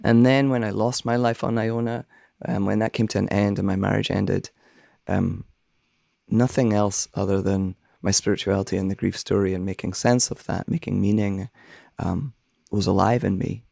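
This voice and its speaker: Male minister-songwriter, soothing scratchy voice with a gravelly edge, thoughtful interview talk. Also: fairly low pitch, little pitch movement, normal speed, dark tone, dry recording, studio quality. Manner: thoughtful, earnest, searching for words. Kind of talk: reflective conversation.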